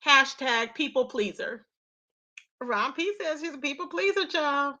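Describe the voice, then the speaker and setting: A woman's voice: high-pitched, lively intonation, unhurried, sharp tone. A woman hosting her own channel, chatting casually and laughing often as she recaps online gossip. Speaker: commentary channel host.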